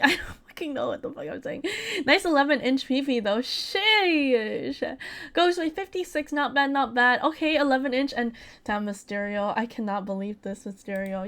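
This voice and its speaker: A woman streaming a video game, chatting casually with her viewers, excitable and giggly with crude jokes. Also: a little high. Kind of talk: casual live-stream chat while gaming.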